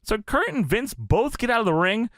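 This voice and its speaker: A man's voice: high voice, moderate pace, dry recording, studio quality. A man co-hosting a wrestling podcast, recapping an old episode in a casual, joking way and acting out the quotes. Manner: animated, laughing, acting out quotes.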